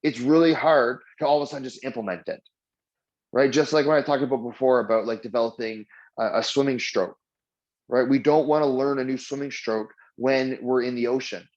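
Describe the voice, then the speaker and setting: A man's voice: medium pitch, a little fast, lo-fi sound. A man teaching a casual mindfulness lesson, chatty and full of fillers, acting out the voices in his stories. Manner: chatty storytelling with many fillers; acts out dialogue with lively voices. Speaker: mindfulness trainer.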